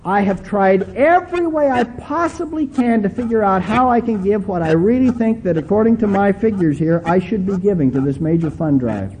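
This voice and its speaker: A man's voice: high voice, lively intonation, normal speed, hardly any pauses, darkish tone, a little hiss or hum, rough recording. A male preacher voicing a humble, devout elderly woman parishioner who speaks earnestly and pleadingly within his sermon story. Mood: distressed.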